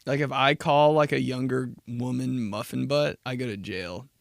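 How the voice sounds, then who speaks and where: Young male podcast host, gravelly, dry close mic, loose profane rambling. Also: mid-range voice, normal speed, no echo. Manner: rambling, laughing, profane storytelling. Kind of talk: casual solo podcast monologue.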